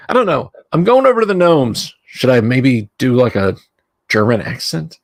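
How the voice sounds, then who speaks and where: A man's voice: medium pitch, animated, moderate pace, no echo. Wry man reading a rulebook aloud. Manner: wry, digressive, answers chat with jokes. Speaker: livestream host. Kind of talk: reading a rulebook aloud live, with chat asides.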